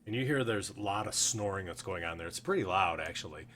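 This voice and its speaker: A man with a fairly low voice runs a tabletop fantasy game as its game master. He narrates easily, with plenty of fillers and short asides to the players. A faint hiss sits behind his voice. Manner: relaxed, filler-heavy narration with quick guard voices.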